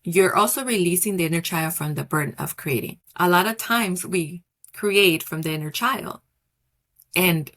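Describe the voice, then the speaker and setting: A woman wellness coach speaking in a soft, slow, affirming way, with gentle repetition, in a podcast conversation. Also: on the low side. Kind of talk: guided reflection and coaching talk.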